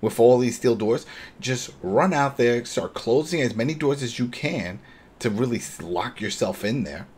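Brief: male podcast co-host, mid-pitched, lively retelling of scenes, casual. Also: normal speed, husky. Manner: animated, acts out characters' lines while retelling. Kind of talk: casual recap chat.

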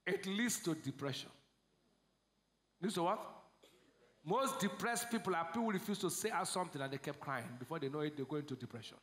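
Nigerian male pastor, high voice, call-and-response sermon, roomy hall. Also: lively intonation, a little fast, long pauses. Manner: call-and-response preaching, swings from shouts to low asides. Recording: echoey church hall.

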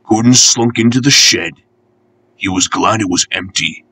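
A man reading a children's storybook aloud, gentle, unhurried and expressive. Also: fairly low pitch, rough recording.

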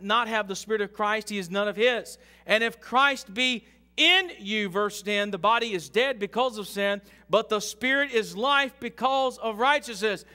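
A man preaching an interactive sermon in a church, joking with the congregation and rising to slow, loud emphasis. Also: high-pitched. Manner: jokes with the congregation, leads call-and-response reading. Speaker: pastor. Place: church sanctuary. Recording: long hall reverb.

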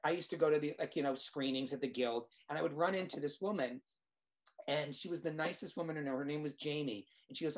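A man, a screenwriter guest, telling a lively anecdote in casual chat, with restarts and quoted dialogue. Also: fairly high pitch, quick pace, slight background noise. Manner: animated anecdote teller, restarts.

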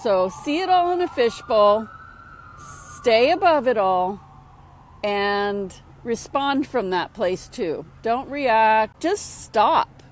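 A woman's voice: a little high, animated, takes it slowly, a little hiss or hum. Chatty woman giving upbeat spiritual advice. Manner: chatty, upbeat, repeats phrases for emphasis. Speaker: spiritual mentor. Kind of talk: casual motivational talk to camera. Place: outdoors at sunset by water.

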